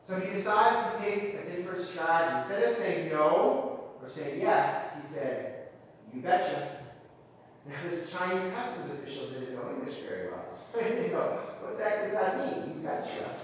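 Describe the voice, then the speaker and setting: A man preaching a sermon and telling a story, earnest, slowing down on key phrases. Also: high-pitched, expressive, slight background noise. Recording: echoey hall, distant mic.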